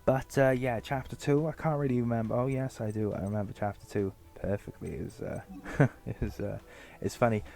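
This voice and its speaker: A man's voice: medium pitch, steady tone, fairly quick, vocal fry, darkish tone. Guy doing a jokey book review, lots of uh and you know, sarcastic. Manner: joking and sarcastic, with many fillers. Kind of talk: casual comedic book review.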